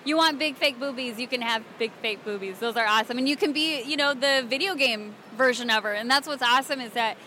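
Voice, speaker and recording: A young woman from Alabama, a cosplayer and voice actress, chatting excitedly and giggling through a convention interview. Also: a little high, fast talker, hardly any pauses, slight background noise. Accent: Southern American. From Alabama, USA. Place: convention floor.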